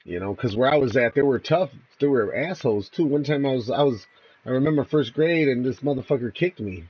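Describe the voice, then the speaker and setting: A man's voice: medium pitch, expressive, brisk, darkish tone, husky, rough recording. A laid-back man chatting on a livestream while fishing outdoors, laughing and swearing casually as he tells stories and greets viewers. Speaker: streamer.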